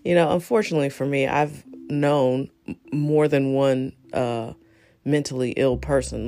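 A woman's voice: a bass voice, steady tone, a little slow, dark tone, soft background music. A woman hosting a podcast in a casual, chatty monologue, confiding and speaking straight to her listeners. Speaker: podcast host.

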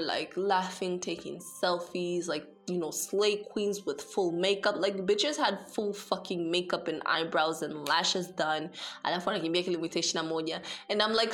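A young woman telling a story casually, chatty and profane, switching between Swahili and English. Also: on the low side.

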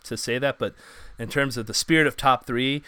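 Man, casual storyteller, smooth resonant voice, dry close sound, rambling with fillers. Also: mid-range voice, fairly even intonation, moderate pace, sharp tone, no room sound. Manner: rambling anecdotes with many fillers.

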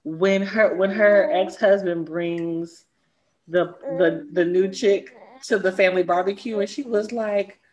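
A woman co-hosting a casual talk show, telling stories in an animated, digressive way. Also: medium pitch, unhurried, highs cut off. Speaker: podcast co-host. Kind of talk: casual chat.

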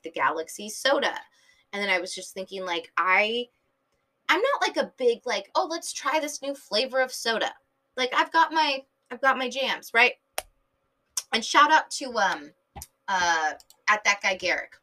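A woman from San Diego in her thirties, hosting a podcast in a rambling casual monologue, full of fillers, swearing and sudden tangents. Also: on the low side. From San Diego, Southern California. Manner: animated, filler-heavy, swears freely, jumps between tangents. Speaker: podcast host.

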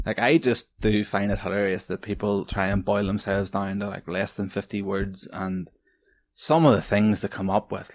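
Rambling, foul-mouthed podcaster. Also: male voice, on the low side, dry recording. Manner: rambling, profane, laughing often. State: stoned. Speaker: podcast host. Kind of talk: casual solo podcast chat.

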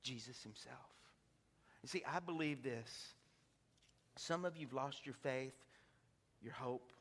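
A pastor preaching an impassioned sermon, swinging from hushed to shouting. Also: male voice, medium pitch, takes it slowly. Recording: long reverb of a large hall.

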